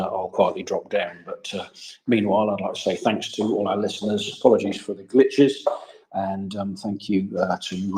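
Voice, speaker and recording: A tired man with a very low, flat, husky voice signs off, stopping and starting often. His delivery stays even and unhurried. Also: rough recording. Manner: halting, full of filler sounds, tired. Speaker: host of a live audio space. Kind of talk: casual sign-off remarks.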